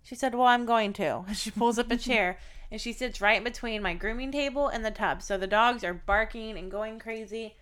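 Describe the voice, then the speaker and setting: A woman's voice: a little high, moderate pace, fairly bright tone, clear, resonant tone. A woman co-hosting a podcast, telling a profane, blunt story in casual chat. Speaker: podcast co-host.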